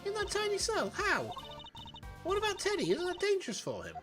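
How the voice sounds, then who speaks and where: A man voicing an eager young woman investigator in a squeaky, exclaiming falsetto. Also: wildly swooping pitch, fairly quick, distant mic, music in the background, full character voice.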